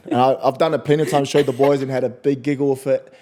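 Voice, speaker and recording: A man's voice: medium pitch, fast. Young man telling stories animatedly. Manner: animated storyteller acting out quoted exchanges. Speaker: rugby league player. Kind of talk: candid interview chat.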